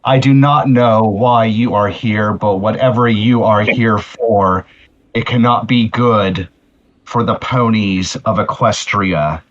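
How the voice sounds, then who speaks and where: A man's voice: on the low side, slow, lo-fi sound. A man as a stern stallion pony hero. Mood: resolute.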